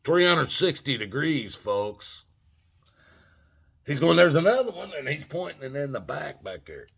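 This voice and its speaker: A man's voice: medium pitch, sing-song, slow, gravelly, a bit bright, breathy edge. An older man telling a long, rambling story to his viewers in a loose, profane, casual way. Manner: loose, profane, talks straight to viewers as "folks".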